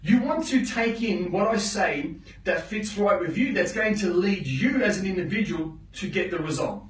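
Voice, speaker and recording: A man's voice: high voice, animated, moderate pace, roomy sound, distant mic, rough recording. A man teaching a live motivational session, preachy and blunt, often checking in with his listeners and swearing for emphasis. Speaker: motivational coach.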